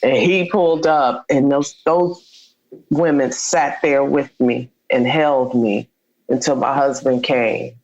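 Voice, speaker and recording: A woman's voice: a bass voice, fairly even intonation, slow, darkish tone, highs cut off. A woman guest in an interview, telling a personal story with feeling and acting out the dialogue she quotes. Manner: heartfelt, acts out quoted dialogue.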